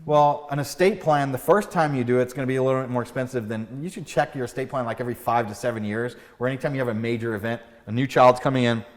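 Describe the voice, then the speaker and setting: A man hosting a podcast as an estate planning lawyer, chatting casually with lively storytelling and frequent restarts. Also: fast, hardly any pauses. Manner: animated storytelling, acts out doctor skits with big pitch jumps; fillers and restarts, laughs at own jokes. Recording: room with long reverb.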